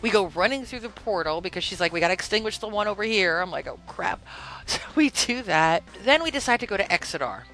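A woman hosts a casual podcast, telling a story with lively swings in pitch and a bright, edgy tone. She acts out each quote in a different voice. Faint music plays under her. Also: fast, hardly any pauses, poor audio. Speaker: podcast host.

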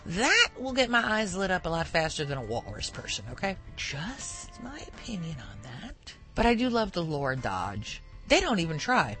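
Lively, rambling woman podcast host. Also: a little high, vocal fry. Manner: rambling, digressive, laughs often. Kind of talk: casual podcast chat.

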